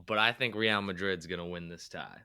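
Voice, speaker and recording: A man's voice: low voice, a little fast, sharp tone, clean tone. A man from the US Northeast, a podcast guest thinking aloud and hedging his soccer opinions. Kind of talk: casual soccer podcast chat.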